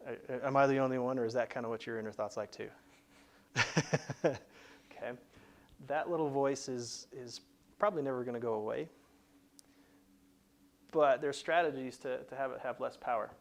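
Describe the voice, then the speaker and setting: Gravelly-voiced man teaching casually. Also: mid-range voice, normal speed, pauses often. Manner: explains plainly with frequent restarts. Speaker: career coach host. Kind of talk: conversational teaching.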